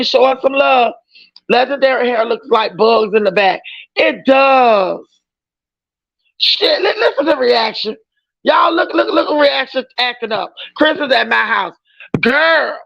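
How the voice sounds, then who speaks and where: Brief: outspoken woman streamer, high gravelly voice, dull lo-fi audio. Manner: emphatic, outspoken, often raising her voice. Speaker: livestream reaction host. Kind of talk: casual livestream commentary.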